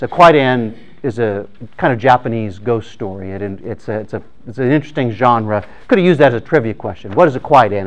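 A man's voice: mid-range voice, muffled recording. A man telling a story in a sermon, speaking conversationally with frequent restarts.

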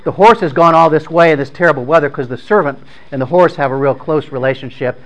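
Man retelling a story in a halting way. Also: a little high, dull audio. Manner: halting, with frequent repeated words and restarts; conversational, plain-spoken.

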